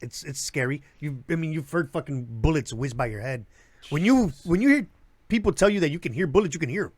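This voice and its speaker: This guest comedian, hailing from Chicago's south side, spins wild stories in relaxed, profane talk at a live show venue, animatedly performing the people's voices and laughing through it. His voice is on the high side and brisk, with no room sound.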